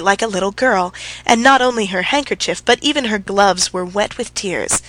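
A woman's voice: medium pitch, moderate pace, a bit bright, no echo, low-quality recording. Woman narrating a classic story. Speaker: audiobook narrator. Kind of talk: scripted narration.

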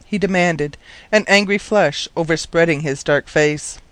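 A man narrating a storybook in a measured, wry manner, his voice sitting slightly higher than most men's. The recording is dry and close, with no room sound. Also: fairly even intonation, a bit bright, no echo. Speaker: audiobook narrator. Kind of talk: scripted narration.

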